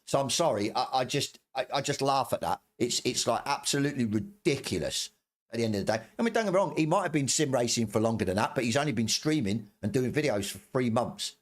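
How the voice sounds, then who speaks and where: A middle-aged man streams an angry, swearing rant, tripping over his words and repeating himself. He talks fast in an expressive, mid-range voice throughout this ranting commentary.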